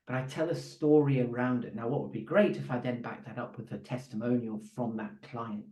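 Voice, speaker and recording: A man's voice: mid-range voice, steady tone, brisk, dark tone, echoey room, poor audio. Man coaching a roomful of salespeople. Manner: conversational, with many fillers and restarts. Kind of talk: live training talk to an audience.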